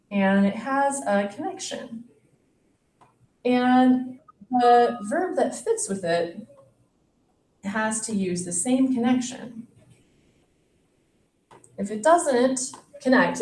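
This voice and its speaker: A woman's voice: a little high, darkish tone. A woman teaching a French grammar lesson, patiently asking questions and playing at mock surprise. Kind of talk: classroom teaching demonstration.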